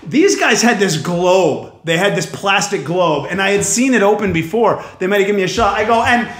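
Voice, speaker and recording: A man telling a profane story as a stand-up comedian, animated and building to yelling. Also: sits high, brisk. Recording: echoey room.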